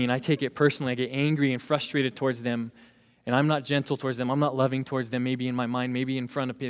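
A young man in his twenties preaching a lively sermon as a youth pastor, laughing now and then and acting out what people say. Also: mid-range voice. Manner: animated, laughs while preaching, acts out quoted voices. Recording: long hall reverb.

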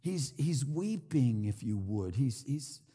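Slow earnest preacher in a reverberant hall. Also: male voice, mid-range voice, big pitch swings, dark tone, husky. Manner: slow, earnest, pleading with many repetitions. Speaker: pastor. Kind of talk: sermon.

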